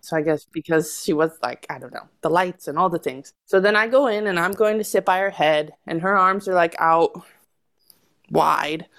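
An American woman, guesting on a casual podcast, tells a long story in a lowish voice at normal speed. She's animated, laughs often and acts out what people said.

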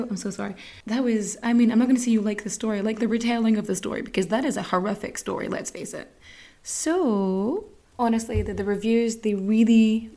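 This is an Irish woman hosting her own podcast from home, chatting loosely and swearing now and then. Her voice sits a bit high but sounds mellow and warm, and she wanders off into little asides. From Ireland. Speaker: podcast host. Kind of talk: casual podcast chat. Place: home room with a cat.

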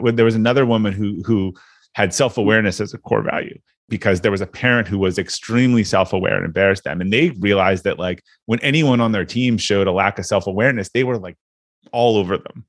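A man's voice: lowish voice, a little fast, no echo, clean studio sound. A man hosting an interview, talking earnestly and reflectively about his experiences with leaders. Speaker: podcast host. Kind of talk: casual interview chat.

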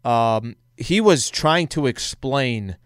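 A male sports radio co-host tells stories in quick, chatty bursts. His voice is smooth and clear, mid-pitched, and dry on the mic. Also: lively intonation, dry recording. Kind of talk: casual sports talk.

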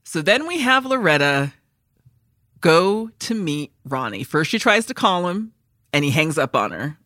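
A woman co-hosting a podcast, chatting casually about a film and loudly acting out its lines with lots of swearing. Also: sits low, measured pace, dry recording, studio quality. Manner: animated, swearing, acts out film lines in loud voices. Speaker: podcast co-host. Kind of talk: casual movie chat.

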